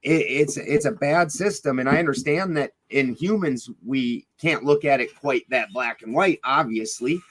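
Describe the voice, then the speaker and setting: A man's voice: medium pitch, normal speed, few pauses, a bit bright, rough recording. A middle-aged man telling a personal story in a casual interview, blunt and rambling, swearing freely, with many fillers and restarts. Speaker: podcast guest.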